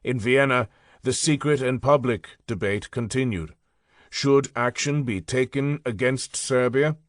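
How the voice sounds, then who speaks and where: A man narrates history in an even, mid-pitched voice, taking his time and leaning on important phrases. The recording is dry and close, with no room sound at all. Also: measured pace, dry recording. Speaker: audiobook narrator.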